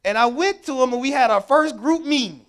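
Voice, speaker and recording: A man's voice: very high voice, a little fast. A man giving a mental health workshop talk at a church, telling stories with emphasis and acting out the lines of the people in them. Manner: animated storyteller who acts out quoted dialogue; emphatic, repeats key words. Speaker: workshop speaker.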